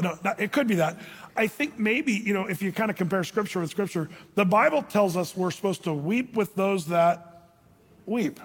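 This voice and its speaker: A man delivers a lively sermon in a high, slightly husky voice, his words carrying a long reverb through a large church hall. He preaches as a pastor and now and then slips into quoted voices. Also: normal speed. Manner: animated, acts out quoted voices.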